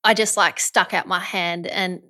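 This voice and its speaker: A young woman co-hosting a casual chat, telling an animated story full of "like"s. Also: lowish voice, measured pace. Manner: animated storyteller, many fillers.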